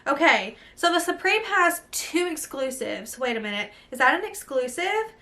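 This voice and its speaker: A young woman, gushing breathlessly through an excited unboxing vlog. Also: sits high, moderate pace. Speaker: beauty vlogger.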